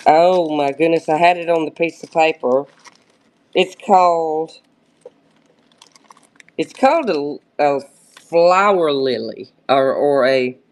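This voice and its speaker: A woman sells vintage brooches on a live stream, pitching them casually and haltingly as she often pauses to find her words. Her voice is a little mellow.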